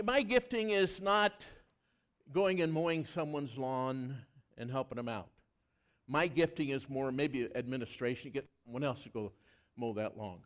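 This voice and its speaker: A man preaching a sermon as pastor, telling personal stories in an earnest, animated way with touches of self-deprecating humor. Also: medium pitch.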